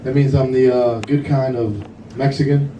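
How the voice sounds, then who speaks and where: A man's voice: medium pitch, steady tone, normal speed, dark tone, recorded from a distance, slight background noise. A man from Puerto Rico doing a stand-up comedy set in a bar, profane and laughing through his jokes. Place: kava bar comedy night, indoors. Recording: roomy bar audio from afar, crowd audible. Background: crowd laughter.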